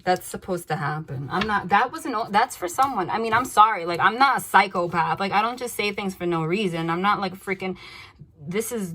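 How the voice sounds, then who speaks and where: A woman doing a casual tarot reading, blunt and animated, swearing freely and laughing between cards. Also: mid-range voice, husky. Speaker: tarot reader.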